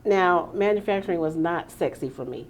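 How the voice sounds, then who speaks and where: A woman host with a lower voice tells stories in a relaxed, chatty way. She animates her anecdotes and slips into the voices of the people she quotes. Faint noise hums under the recording. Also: normal speed. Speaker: podcast host. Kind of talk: casual chat.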